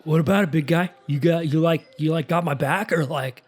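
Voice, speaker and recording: Guy doing a shaky young rich kid, stammers a lot, kinda high voice. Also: a little fast, lightly acted. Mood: anxious. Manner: hesitant, stammering, laid-back slang. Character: nervous young male noble son, eager and unsure.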